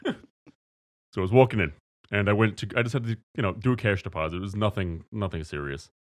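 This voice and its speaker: A man's voice: lowish voice, fast. A man co-hosting a studio podcast, telling a story casually, acting out voices and swearing freely. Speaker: podcast co-host. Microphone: studio mic.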